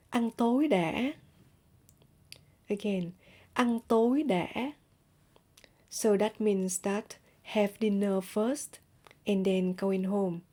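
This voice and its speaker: Slow, mellow-voiced woman teaching. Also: medium pitch. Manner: repeats each phrase slowly and clearly for learners. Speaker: language teacher. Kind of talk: slow teaching with repeated example phrases.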